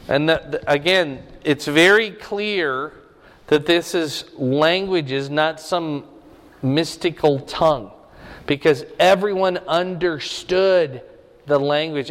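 Preaching to his congregation, a middle-aged male pastor speaks in a slightly high voice with a fairly bright tone. He delivers his Bible teaching conversationally, putting questions to the audience, and the sound carries a long hall reverb.

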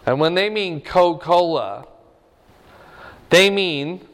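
A man's voice: high voice, animated, slow pace, a bit bright. Man teaching scripture in a reverberant hall. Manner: conversational, asks the audience questions. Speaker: pastor. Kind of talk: Bible teaching to a congregation.

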